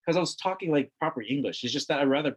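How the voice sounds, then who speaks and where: A man's voice: fairly high pitch, animated, rapid-fire, crowd noise. A middle-aged man from Hawaii, a guest talking earnestly in a casual conversation, repeating words for emphasis. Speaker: interview guest.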